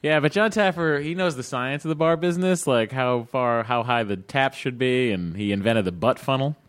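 A man's voice: mid-range voice, normal speed, smooth. A man hosting a podcast, chatting and joking in a rambling way that often trails off mid-sentence. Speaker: podcast host. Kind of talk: casual chat.

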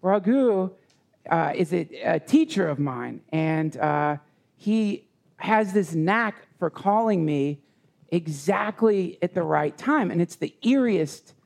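A man telling a heartfelt personal story as a guest, rambling and halting, with frequent restarts. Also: sits high, expressive, vocal fry, a little mellow. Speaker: podcast guest. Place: live retreat session.

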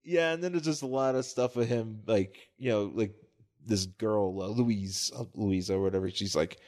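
A man's voice: fairly low pitch, moderate pace, darkish tone. A man co-hosting a casual comedy podcast, joking sarcastically about a book and often trailing off and restarting. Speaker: podcast co-host.

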